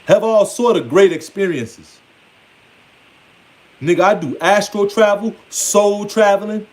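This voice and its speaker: A man's voice: sits high, measured pace. A man giving a casual, blunt, playfully scolding monologue on spirituality. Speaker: spiritual speaker.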